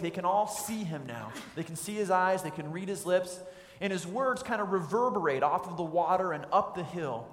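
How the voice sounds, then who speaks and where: A pastor with a high voice preaches a sermon at a fairly quick pace, vividly painting a scene for his listeners. The recording sits in an echoey hall with long reverb.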